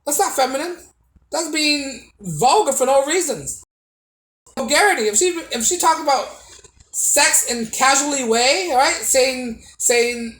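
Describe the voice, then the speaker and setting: A man's voice: very high-pitched, animated, normal speed, a bit bright, echoey room, poor audio. A man giving a casual opinion monologue to camera as a video blogger, preachy and repetitive, with many restarts and tag questions.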